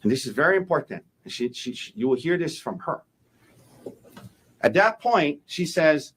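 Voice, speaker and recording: Male defense attorney, opening statement; emphatic, animated delivery, slightly high voice. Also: normal speed, slightly rough. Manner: emphatic, repeats key phrases, acts out quoted speech.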